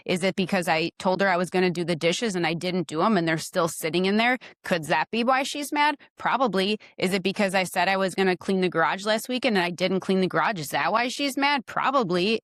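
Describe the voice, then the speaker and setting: A woman's voice: fairly low pitch, fairly bright tone, dry recording, studio quality. A woman who is a podcast guest, talking frankly about her marriage and giving direct advice, acting out little dialogues. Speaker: podcast guest, wife of host. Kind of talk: casual chat.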